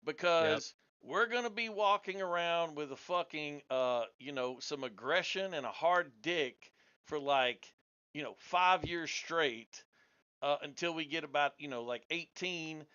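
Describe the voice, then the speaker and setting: Blunt, combative man with a bright voice. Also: a little high, a little slow, clean tone. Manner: blunt, combative, talks over others. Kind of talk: heated casual debate. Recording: dull lo-fi audio.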